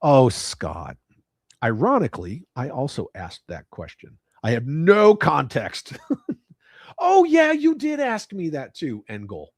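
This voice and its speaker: A man's voice: a little high, wildly swooping pitch, takes it slowly, breathy edge, no echo, studio quality. Ranting, profane streamer man. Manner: profane, ranting, reads chat aloud. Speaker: livestream host. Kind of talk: casual livestream chat.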